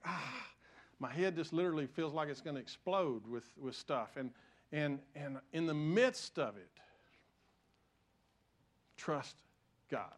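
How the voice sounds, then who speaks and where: An older man preaching a sermon, telling stories with self-deprecating humor and swinging from loud emphasis to soft, hushed lines. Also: a little high. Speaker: pastor.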